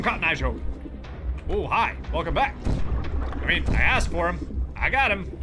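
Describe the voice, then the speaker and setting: A man commenting on his own horror game playthrough, excitable, yelling and cursing at enemies, with game music behind him. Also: a little high, normal speed. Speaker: gaming channel host. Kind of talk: let's play commentary.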